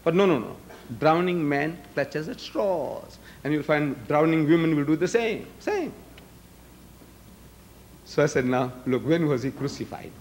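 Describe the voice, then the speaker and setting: A man's voice: a little high, a little hiss or hum. An older man with a South African accent giving a public debate speech, asking rhetorical questions and acting out both sides of an argument.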